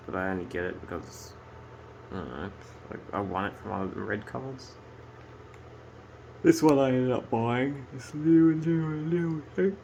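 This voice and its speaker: A man's voice: on the low side, vocal fry, background noise. A man ranting casually and swearing as he tells a story to camera. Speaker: vlogger.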